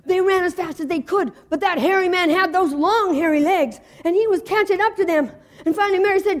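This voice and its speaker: A woman telling a folktale in an expressive, rhythmic way with sound effects. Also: extremely high pitch, a little fast, few pauses. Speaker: storyteller. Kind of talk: folktale storytelling.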